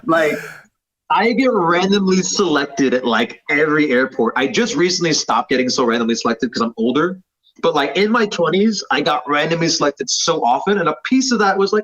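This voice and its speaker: On a casual podcast, this thirties-aged jiu-jitsu instructor rambles and pokes fun at himself, leaning on fillers. He speaks at a moderate pace in an expressive, somewhat high and slightly bright voice. The audio is a bit dull.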